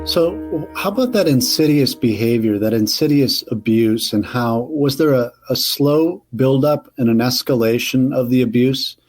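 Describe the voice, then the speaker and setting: A man hosting a podcast interview, with a voice of middling pitch. He asks his questions slowly and haltingly, stopping to rephrase them. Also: a little mellow, soft background music. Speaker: podcast host.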